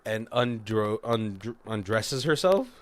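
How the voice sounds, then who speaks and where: On a podcast, a male co-host casually recaps a film's plot, rambling and often breaking into laughter. His voice is on the low side and expressive, and he talks slowly.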